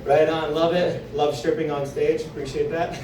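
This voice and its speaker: A man's voice: a little high, unhurried, noisy background. A young man doing a stand-up comedy set on a club stage, telling stories and acting out the people in them. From Canada. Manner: animated storytelling with acted-out quotes. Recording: roomy club sound from a distance.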